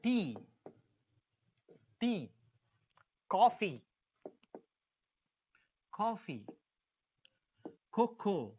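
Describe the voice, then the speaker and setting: A man's voice: sits high, big pitch swings, very slow, pauses often, a little mellow, breathy edge. A man with an Indian English accent giving an exam-prep history lecture, repeating key words and asking the class questions as he teaches.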